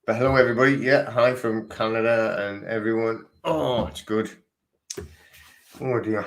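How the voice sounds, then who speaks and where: A man hosting a casual livestream, talking in a halting, rambling way with many fillers, emotional and grieving. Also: fairly low pitch, steady tone. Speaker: livestream host. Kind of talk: casual live-stream chat.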